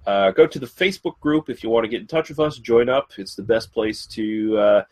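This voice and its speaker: A man hosts a casual film podcast, wrapping up an episode and plugging upcoming shows. His voice sits fairly low, and he talks in an easygoing way, peppering his sentences with "uh". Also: brisk, a little mellow, husky. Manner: easygoing, frequent uh fillers. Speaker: podcast host.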